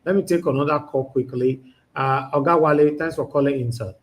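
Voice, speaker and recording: A man hosting a live call-in show, briskly thanking callers and moving on. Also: a little high.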